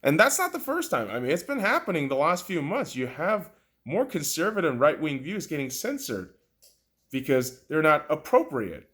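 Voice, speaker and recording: A man hosting a podcast, delivering a heated, profane, mocking political rant that swings from loud outbursts to low muttering. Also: wildly swooping pitch, normal speed, slightly rough. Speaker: podcast host.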